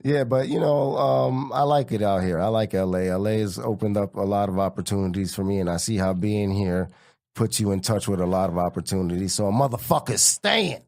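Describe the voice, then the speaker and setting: A man's voice: lowish voice, brisk, gravelly. A man, a guest comedian in casual barbershop podcast chat, telling stories and acting out other people's voices. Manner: animated storyteller, acts out quoted voices.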